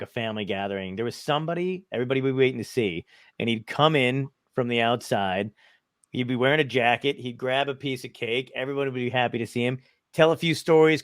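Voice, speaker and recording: A man's voice: mid-range voice, dry recording, clean studio sound. A man hosting a casual interview, laid-back and chatty, swearing casually as he talks. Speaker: podcast host.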